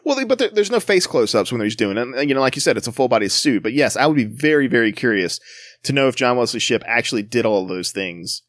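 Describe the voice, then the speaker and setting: A man's voice: mid-range voice, very animated, quick pace, fairly bright tone, no room sound, studio quality. Wry male podcast co-host. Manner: wry, sarcastic humor. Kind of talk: casual chat.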